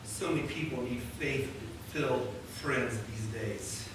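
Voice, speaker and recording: A male pastor preaching a sermon in a church, telling the story dramatically and swinging between loud and hushed delivery. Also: medium pitch, slow, noisy background. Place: church sanctuary. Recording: echoey church hall from far off.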